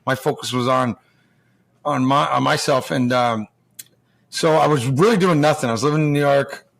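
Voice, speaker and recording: A man's voice: medium pitch, normal speed, creaky, a bit bright. A man in his forties, a former pro hockey player now coaching juniors, telling stories as a podcast guest in a loose, rambling, profane way and acting out quoted dialogue. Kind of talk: casual storytelling chat.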